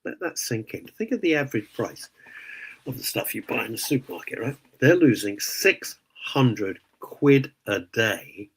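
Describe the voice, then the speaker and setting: A man's voice: mid-range voice, big pitch swings, unhurried, a bit bright, husky, rough recording. A man hosting a radio show, ranting indignantly in casual opinionated chat. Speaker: radio host.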